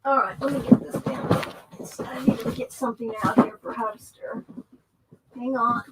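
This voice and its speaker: Chatty, rambling woman streamer, slightly high. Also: fairly even intonation, moderate pace, heavy background noise. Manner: rambling, chatty, laughs often, greets viewers. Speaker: livestream host. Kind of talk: casual livestream chat.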